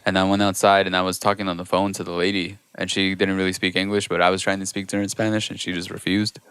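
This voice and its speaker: A man's voice: deep voice, brisk, fairly bright tone, clear, resonant tone, dry recording. A man co-hosting a podcast, who chats in a laid-back, joking way. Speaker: podcast co-host. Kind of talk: casual podcast chat.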